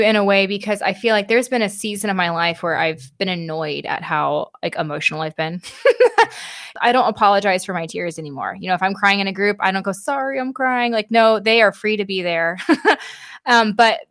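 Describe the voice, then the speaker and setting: A woman's voice: on the low side, fairly bright tone. A woman talking about her faith in an earnest, effusive, casual way, with plenty of fillers.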